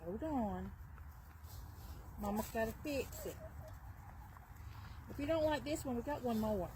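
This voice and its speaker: A woman's voice: a little high, expressive, unhurried. A woman filming her backyard chickens on a phone, coaxing and chuckling as she talks to her hens. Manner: doting, coaxing talk to her animals, chuckling often. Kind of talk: casual home video chat. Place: outdoors in a backyard chicken yard. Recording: outdoor recording with clear background noise.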